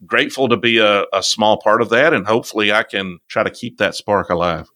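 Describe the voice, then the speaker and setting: A middle-aged man with a slow Southern drawl, hosting a relaxed, folksy chat. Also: on the low side, no room sound. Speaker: podcast host. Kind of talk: casual conversation.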